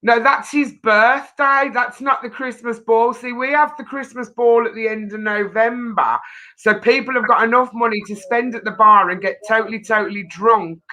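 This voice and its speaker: A woman's voice: on the high side, moderate pace, sharp tone, poor audio. A woman hosting a charity chat show, cheeky and breezy. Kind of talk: casual chat.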